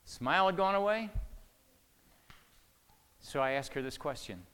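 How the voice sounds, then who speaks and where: A man's voice: on the high side, lively intonation, unhurried, a little hiss or hum. Man preaching in a reverberant hall. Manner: swings between hushed asides and loud emphatic preaching. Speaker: pastor. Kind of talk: sermon with storytelling. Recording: long reverb of a large hall.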